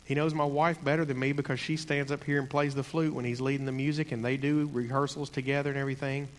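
A man's voice: mid-range voice, level tone. Earnest man preaching in a big hall. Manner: earnest, conversational, slows for emphasis. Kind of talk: sermon.

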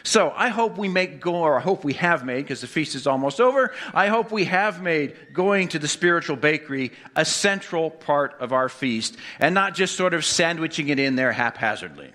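A man's voice: fairly high pitch, lively intonation, moderate pace, hardly any pauses, sharp tone. A man preaching a sermon to his congregation, quizzing them with questions and dropping wry jokes. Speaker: pastor.

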